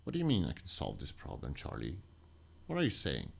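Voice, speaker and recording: A man voicing a shocked middle-aged mother who questions in a low, hushed, incredulous way. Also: wildly swooping pitch, brisk, creaky, breathy edge, heavily acted.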